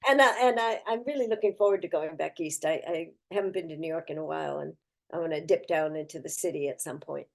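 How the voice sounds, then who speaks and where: An older actress talking as an interview guest, effusive and heartfelt, chatty with frequent restarts. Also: female voice, sits low, fast, gravelly. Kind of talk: casual interview chat.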